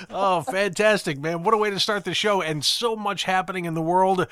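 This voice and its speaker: A man co-hosting a political talk show, sarcastic and animated. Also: high voice, normal speed, clear, resonant tone, no echo. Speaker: podcast co-host. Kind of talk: political commentary chat.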